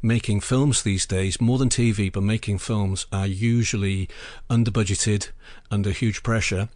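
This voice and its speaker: Low male voice, anecdotal guest, emphatic storyteller, dry close mic. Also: fairly even intonation, normal speed, a little mellow, no echo. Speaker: guest, film assistant director and lecturer. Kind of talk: anecdotal interview talk.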